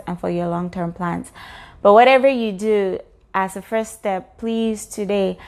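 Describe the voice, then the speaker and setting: A woman talks to her viewers about personal finance, earnestly walking through each point. Her tone is encouraging and steady, with the odd "um", and her voice sits at a middle pitch. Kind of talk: explanatory talk to camera.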